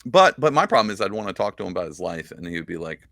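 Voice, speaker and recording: A man's voice: sits low, big pitch swings, racing, a bit bright, dry recording, clean studio sound. A man hosting a podcast in casual chat, laid-back and upbeat. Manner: laid-back and upbeat, calls guest "dude". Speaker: podcast host.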